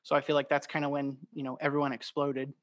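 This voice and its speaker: A toy maker in his thirties from Southern Illinois, USA, is a podcast guest, easygoing and cracking self-deprecating jokes in casual chat. His mid-range voice is completely flat and quick.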